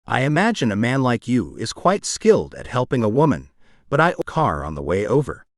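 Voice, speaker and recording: A man voicing a tiny, bold foreign woman with a husky rasp and a teasing, unbothered manner. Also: mid-range voice, big pitch swings, a little fast, dry recording, studio quality, natural voice.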